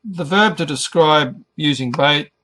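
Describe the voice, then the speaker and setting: A middle-aged man gives a slow, deliberate English lesson, pronouncing each word with great care. His voice sits a little high for a man, and he lets long pauses fall between phrases. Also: pushed and bright. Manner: careful, over-articulated pronunciation. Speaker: ESL teacher.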